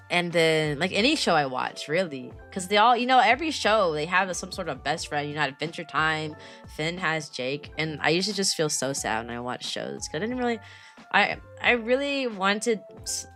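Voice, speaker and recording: A woman streamer chatting casually with viewers, rambling and repeating words. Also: lowish voice. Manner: rambling, repeats words, soft trailing phrases. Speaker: VTuber streamer and kindergarten teacher. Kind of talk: casual chat answering viewer questions.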